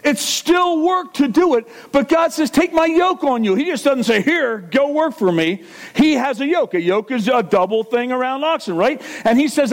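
A man preaching a sermon as pastor, animated and jokey, reviewing a verse with quick asides. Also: very high voice. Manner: animated, jokey, with voiced impressions and laughs.

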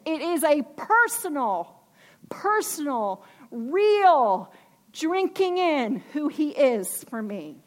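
A woman preaching a sermon with emphasis, asking her listeners questions. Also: high voice.

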